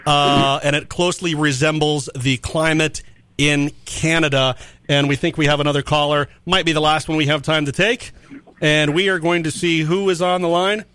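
A man hosting a call-in radio quiz from a studio, joking with callers in quick, upbeat patter. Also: a little high, little pitch movement, pushed and bright, clear, resonant tone. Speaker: radio show host.

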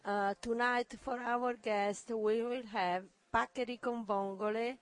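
Slow-talking woman with an Italian accent. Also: fairly high pitch, fairly even intonation, no echo. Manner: halting, searching for words. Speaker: restaurant representative. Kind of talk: radio interview. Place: restaurant.

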